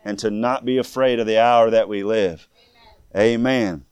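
A man's voice: lowish voice, fairly even intonation, a little slow, a little mellow, smooth, no echo. A man preaching a sermon in an earnest, fervent way, repeating words as he builds each point.

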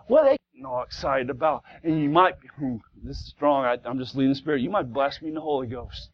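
Fervent high-voiced preacher with gravelly edge. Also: male voice, muffled recording. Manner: fervent, swings from low asides to shouted exhortation; folksy plain-spoken grammar. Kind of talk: fiery Pentecostal sermon. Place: church sanctuary.

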